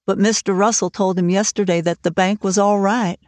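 A woman's voice: mid-range voice, steady tone, a little fast, darkish tone, dry recording, close to an everyday voice. A woman reading the part of a stern, worried older farm woman who speaks plainly and bluntly, for an audiobook. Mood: brisk.

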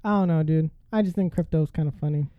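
A woman's voice: sits low, quick pace, no echo, muffled recording. A woman co-hosting a podcast in casual chat, rambling with slang, fillers and acted-out quotes. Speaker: podcast co-host.

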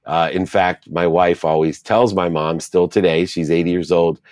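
A man's voice: low voice, steady tone, normal speed, darkish tone, no echo, clean studio sound. A middle-aged man, an interview guest, telling his life story in an earnest, reflective way and stacking repeated phrases.

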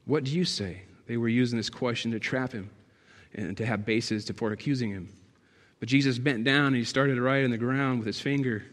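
A man preaching a sermon in a church, emphatic and building to loud, passionate peaks. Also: medium pitch, steady tone, a little fast. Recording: long hall reverb.

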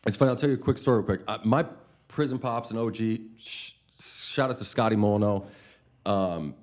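Fast-talking, slangy male host. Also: fairly low pitch, darkish tone. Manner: slangy, rapid, full of fillers. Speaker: podcast host. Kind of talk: casual chat.

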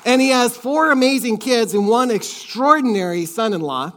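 A man's voice: very high voice, big pitch swings, moderate pace, few pauses, fairly bright tone, slight background noise. A middle-aged man preaching a sermon as pastor, earnest and conversational, repeating words as he goes.

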